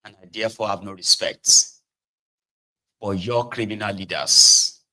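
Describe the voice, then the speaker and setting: A man's voice: fairly low pitch, unhurried, sharp tone, low-quality recording. A middle-aged Nigerian man hosting a political commentary show from his own studio, lecturing his listeners in a defiant, impassioned monologue.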